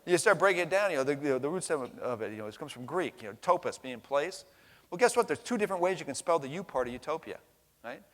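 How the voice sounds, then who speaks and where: A man's voice: a little high, lively intonation, quick pace. Blunt, profane middle-aged man. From United States. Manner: blunt, profane, emphatic, frequent "right?" tags. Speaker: conference plenary speaker. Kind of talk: impassioned keynote speech. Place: large conference hall. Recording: long reverb of a large hall.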